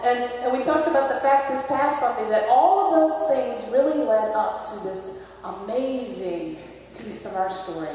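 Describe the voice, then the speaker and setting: A woman's voice: on the high side, a little mellow, slight background noise. A woman pastor giving a Christmas Eve sermon, telling a story in a conversational way. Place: large church sanctuary. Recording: echoey church hall, distant mic.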